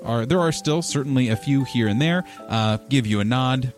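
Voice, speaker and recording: A man narrating as game master of a tabletop game, describing scenes in a relaxed, rambling way with fillers. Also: mid-range voice, moderate pace, soft background music.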